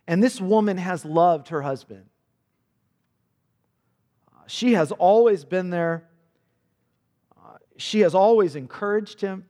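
A man preaching a sermon, earnest and intense, repeating words as he builds each point. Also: high voice. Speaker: pastor. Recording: long hall reverb.

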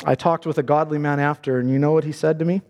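A man's voice: a little high, fairly even intonation, fast talker, darkish tone. A male pastor preaching a sermon in a church, earnest and building to fervent emphasis. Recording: long reverb of a large hall.

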